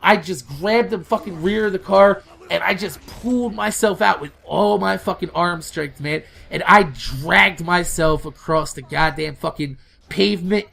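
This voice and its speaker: Young guy swearing thru a story, gravelly voice, gets loud and excited. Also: high-pitched, unhurried. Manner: profane, animated storytelling, yelling in retold quotes. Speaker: gaming channel host. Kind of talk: casual storytelling over gameplay.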